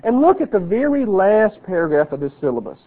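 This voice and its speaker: A middle-aged man teaches a Bible class in an earnest lecture voice that sits a little high for a man. He lingers on each item as he reads a list aloud. The recording is thin and tinny, like it came through a phone line. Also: very animated. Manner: earnest, reads lists slowly and deliberately.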